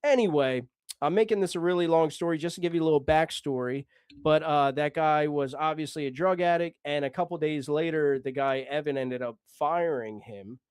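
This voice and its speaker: A man's voice: a little high, moderate pace, a little mellow, clear, resonant tone, no room sound, clean studio sound. A man telling a long story casually, rambling, swearing and acting out the dialogue.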